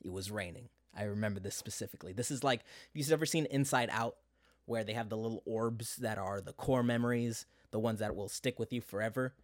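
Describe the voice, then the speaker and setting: A man's voice: fairly low pitch, a little fast, no echo. Young male vlogger, casual nostalgic monologue, dry recording. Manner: conversational, many fillers and asides.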